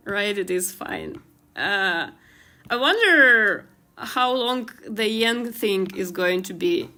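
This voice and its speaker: A woman's voice: a little high, bright, forceful tone. A young woman with a Slavic accent chatting casually on a live stream while drawing, giggly and trailing off with fillers. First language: Ukrainian. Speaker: streamer and artist.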